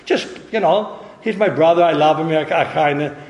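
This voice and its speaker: An older Canadian missionary preacher gives a sermon testimony, telling stories in a chuckling, self-deprecating way. His voice is on the high side at a moderate pace, and the dull audio, with a little hiss or hum, rings with the long reverb of a large, echoey hall.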